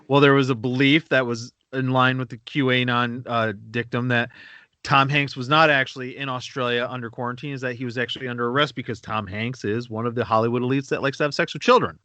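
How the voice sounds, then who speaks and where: A man's voice: medium pitch, fairly even intonation, quick pace, bright, forceful tone, dry recording. A man co-hosting a podcast, rambling and swearing through casual banter. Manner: rambling, profane, laughs at his own stories. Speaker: podcast co-host.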